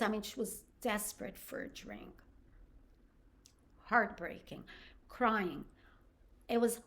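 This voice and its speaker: Older canadian lady podcaster telling a real-life story, earnest, halting, lots of restarts. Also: mid-range voice, fairly bright tone. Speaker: podcast host.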